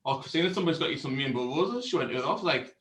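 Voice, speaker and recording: A man with a slightly raised pitch tells a rambling story to a friend. He swears freely and breaks into laughter often. The sound is echoey, as if in a bare room. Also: lively intonation, racing, a bit bright, slight background noise. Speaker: co-host of a beer review show. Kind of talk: casual storytelling chat.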